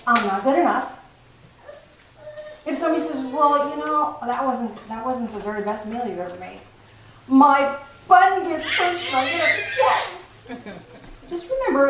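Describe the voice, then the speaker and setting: High-voiced woman teaching a spiritual group. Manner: animated, playful, laughs often. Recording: echoey room from far off, faint noise.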